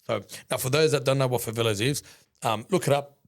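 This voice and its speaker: A man telling a story in a casual interview, rambling and animated, acting out conversations and swearing freely. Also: medium pitch, quick pace. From Australia. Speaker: business founder, guest.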